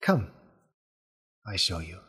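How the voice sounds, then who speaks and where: A man's voice: low-pitched, sing-song, takes it slowly, a bit bright, slightly rough, pitched below the performer's own voice, full character voice. A man voicing Ndeke, a proud bird-man. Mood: formal welcoming. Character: proud winged bird-man guard with beak.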